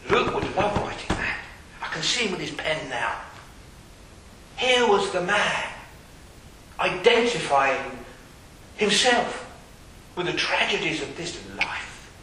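Echoey preacher, lively and dramatic. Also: male voice, sits high, takes it slowly, long pauses. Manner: dramatic, questioning, swings from loud to hushed. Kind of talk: sermon. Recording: very echoey hall with faint hiss.

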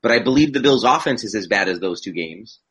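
A man's voice: on the low side, expressive, fast talker, a bit bright, slightly rough, poor audio. A man co-hosting a casual sports podcast. He argues his view bluntly and throws in dry quips. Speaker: podcast co-host.

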